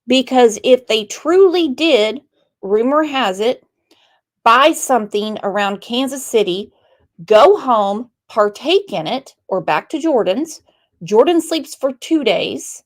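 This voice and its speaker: A woman hosting a true crime channel, talking casually and reading viewer comments aloud. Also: fairly high pitch. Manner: unhurried, chatty, reads viewer comments aloud. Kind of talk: casual live-stream commentary.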